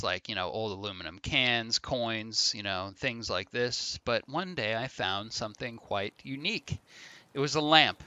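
Bright-voiced man telling a long joke. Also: medium pitch. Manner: laughs often, drawn-out joke delivery, teasing. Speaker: streamer. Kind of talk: casual gaming chat with a long told joke.

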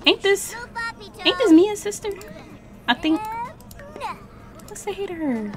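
A young woman chatting casually as she streams a life-sim game, talking to her viewers and the characters with slangy, animated exclamations. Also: very high voice, measured pace. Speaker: gaming streamer. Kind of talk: casual let's-play commentary.

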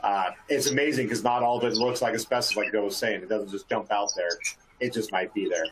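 A man's voice: fairly low pitch, steady tone, brisk, background noise. A man who works in asbestos abatement, talking in an exasperated, ranting way with many restarts. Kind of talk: casual panel discussion.

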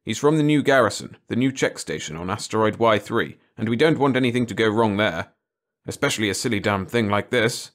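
A man voicing a blunt, gruff middle-aged base commander giving orders in a storybook reading. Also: fairly low pitch, expressive, brisk, fairly bright tone. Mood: brusque. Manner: blunt, brusque.

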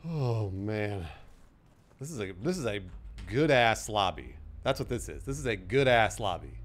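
A man's voice: lowish voice, animated, moderate pace, slight background noise. A man streaming a multiplayer game, organizing the lobby in casual chat and laughing often.

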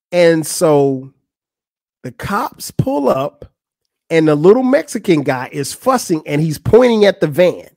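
At a measured pace, a man on his podcast tells a humorous story in an easygoing, animated manner, voicing quoted people with a rising pitch. The recording is dry and studio quality.

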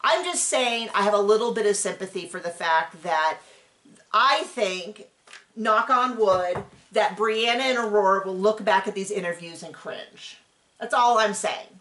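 A middle-aged woman co-hosting a reality show recap, talking in an animated, rambling way and acting out quotes. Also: medium pitch, measured pace. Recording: echoey room.

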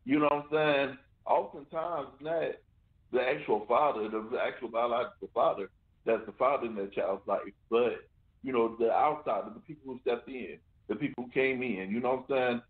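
A man's voice: mid-range voice, moderate pace. Male radio host, mid-range voice, conversational, heard over a tinny phone line. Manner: conversational, repeats "you know what I'm saying". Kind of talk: casual radio talk.

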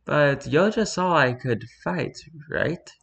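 A man's voice: expressive, slow pace, vocal fry, fairly bright tone, lo-fi sound, full character voice. A man doing a chirpy young female cat apprentice. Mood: eager. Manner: chirpy, high-pitched girlish voice.

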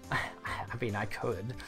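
A man's voice: on the low side, fairly bright tone. A man streaming a game, casually joking and reading its dialogue aloud with frequent laughter.

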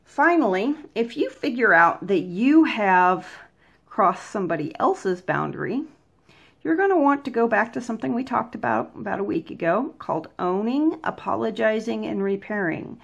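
A woman's voice: on the high side, expressive, moderate pace, creaky. A woman hosting a vlog, giving advice in a casual, conversational way. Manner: conversational, plain-spoken, acts out examples. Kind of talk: casual explanatory talk.

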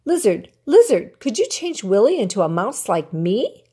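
A grandmother voicing a timid, eager little male mouse in a storybook, speaking high and breathlessly. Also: sing-song, moderate pace, dark tone, breathy edge.

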